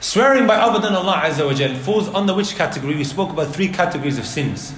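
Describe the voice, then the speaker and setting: A man giving a religious lecture to a live audience, animated and asking the crowd rhetorical questions. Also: high voice, fast talker, a little hiss or hum. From Leicester, England. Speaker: Islamic preacher. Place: indoor hall with an audience. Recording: roomy lecture hall.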